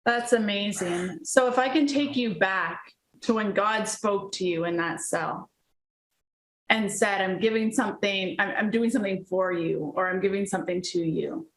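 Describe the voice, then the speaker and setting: A woman's voice: medium pitch, normal speed, a bit bright. A woman hosting an interview, asking questions with encouraging reactions. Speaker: host. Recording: roomy with faint noise.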